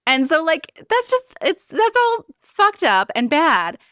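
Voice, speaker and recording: A woman's voice: very high-pitched, takes it slowly, no echo, clean studio sound. A woman co-hosting a podcast, casually retelling film scenes and voicing the characters' lines. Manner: expressive, retells scenes with acted-out quotes. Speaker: podcast co-host.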